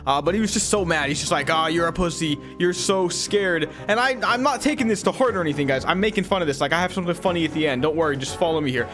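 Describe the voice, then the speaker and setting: Young man, high voice, animated rambling gameplay commentary, faint music behind. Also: rapid-fire, few pauses. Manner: animated, rambling, addresses viewers as guys and dude. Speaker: gaming YouTuber.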